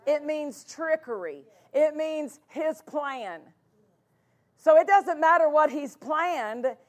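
A high-pitched woman delivers a sermon as a pastor. She preaches emphatically, pressing on key words and repeating them for force. Her voice sits bright and high above the usual woman's range. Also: lively intonation, slow pace.

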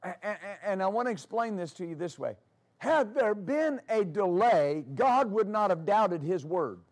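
A man's voice: high-pitched, expressive, moderate pace. A man preaching a sermon as pastor, with emphatic repetition and storytelling asides.

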